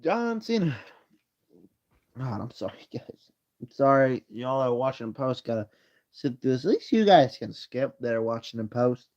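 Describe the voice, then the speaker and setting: A man's voice: medium pitch, moderate pace, darkish tone, lo-fi sound. A man casually chatting on a live stream at home, ranking movies in a tired, rambling way with yawns. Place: home room. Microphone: phone.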